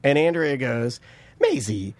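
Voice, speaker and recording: A man's voice: medium pitch, huge pitch swings, a little slow, a little mellow, dry recording. A man in his thirties, co-hosting a podcast and telling a rambling, joking family story with many restarts. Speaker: podcast co-host. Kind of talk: casual chat, storytelling.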